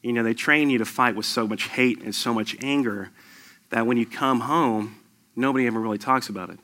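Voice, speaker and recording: A man's voice: medium pitch, a little fast, bright, forceful tone. A middle-aged man, a military veteran, telling a personal war story to an audience in an emphatic, conversational way.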